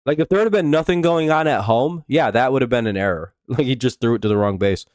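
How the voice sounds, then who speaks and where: Talking fast in a medium-pitched, slightly mellow voice, a young livestream host chats casually during a live baseball watch-along. When negative chatters show up, he rants at them in exasperation with heavy swearing. The audio is studio quality, with no echo.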